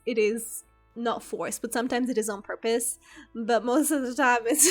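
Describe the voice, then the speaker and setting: A woman's voice: sits high, moderate pace, soft background music. A woman whose first language is German, chatting casually with her stream viewers in a rambling, giggly, self-deprecating way.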